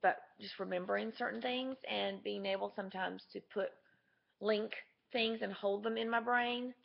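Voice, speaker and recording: A woman's voice: mid-range voice, fairly even intonation, normal speed, creaky. A woman talking candidly and chattily to camera in a casual video diary. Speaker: vlogger. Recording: dull lo-fi camera audio.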